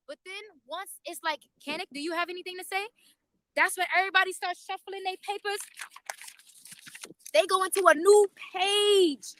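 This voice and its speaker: A woman on a casual live stream, talking straight to her viewers in an animated, profane way, recorded on a phone near a courthouse overflow room. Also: extremely high pitch, dry recording, rough recording. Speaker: YouTube livestreamer.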